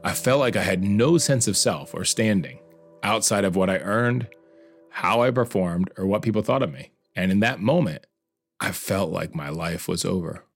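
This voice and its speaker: Middle-aged man, low gravelly voice, earnest confessional narration, faint music underneath. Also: expressive, normal speed, no room sound. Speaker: narrator of his own story. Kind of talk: emotional personal narration.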